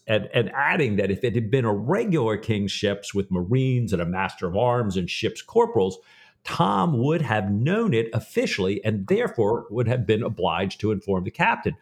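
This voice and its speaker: Low voiced guy on a podcast recapping a novel, chatty and full of fillers. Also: big pitch swings, normal speed. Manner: retells plot with many fillers. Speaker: podcast co-host. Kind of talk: casual book discussion.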